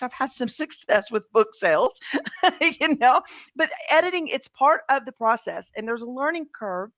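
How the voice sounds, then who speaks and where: A woman's voice: on the high side, fairly bright tone, no echo. Chatty woman writer cohosting a podcast, lots of "you know"s, kinda muffled lo-fi sound, dry. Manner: chatty, many fillers. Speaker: co-host and fiction writer. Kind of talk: casual podcast chat. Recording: slightly dull lo-fi sound.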